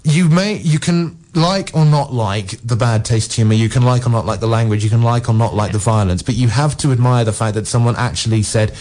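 A man's voice: mid-range voice, fairly quick, hardly any pauses, a little mellow. A man reviewing films on local radio, talking at length with enthusiasm in long run-on sentences. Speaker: film reviewer. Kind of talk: radio film review chat.

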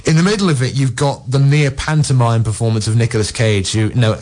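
A man's voice: mid-range voice, quick pace, a little mellow. A man reviewing films on local radio, talking at length with enthusiasm in long run-on sentences. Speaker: film reviewer. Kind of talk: radio film review chat.

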